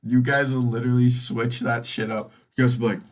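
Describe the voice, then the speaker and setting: A man's voice: medium pitch, flat delivery, fairly quick. A young man hosting a casual solo podcast, rambling and swearing freely as he drifts between tangents. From California. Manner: rambling, profane, goes off on tangents. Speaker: podcast host.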